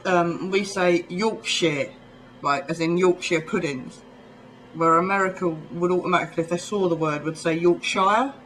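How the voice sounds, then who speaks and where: Chatting to camera in a rambling, casual vlog, a southern English man from near London fills his talk with ums and small laughs. His voice sits on the high side with fairly even intonation, a fairly bright tone, and a moderate pace, over slight background noise in a rough recording.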